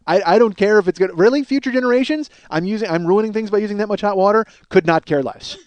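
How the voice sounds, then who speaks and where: A middle-aged man hosts a comedy podcast, spinning rambling, profane, self-mocking stories and acting out the other voices. His voice sits a little higher than most men's. The sound is dry and close, with no room echo. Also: fast, darkish tone, lo-fi sound. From Chicago area. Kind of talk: comic storytelling monologue.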